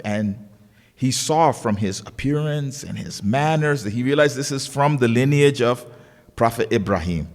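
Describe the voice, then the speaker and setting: A man delivers a sermon with a lively, swooping voice that sits a bit high for a man. He tells the story vividly and acts out each voice in the quotes. His voice rings with a long reverb through the lecture hall. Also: a little slow, long pauses. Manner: storytelling, acting out voices in quotes with big pitch swings. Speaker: sheikh giving a religious lecture. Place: lecture hall of a learning center.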